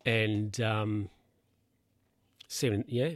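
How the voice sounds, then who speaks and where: A man's voice: on the low side, steady tone, drawn-out words, long pauses, dry recording, studio quality. A young man casually retelling a film's plot, rambling, chuckling and losing his place to check his notes. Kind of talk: casual film recap.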